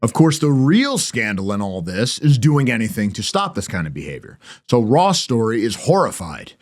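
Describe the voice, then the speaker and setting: A man's voice: mid-range voice, very animated, normal speed. A middle-aged man hosting a podcast, delivering opinionated commentary with sarcastic, mocking asides. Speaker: podcast host.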